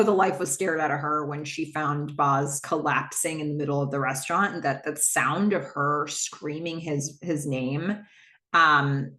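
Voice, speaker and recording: A woman's voice: low voice, fairly bright tone. A woman hosting a podcast, chattily recapping a TV episode with rambling asides and fillers. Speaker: podcast host. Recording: roomy echo.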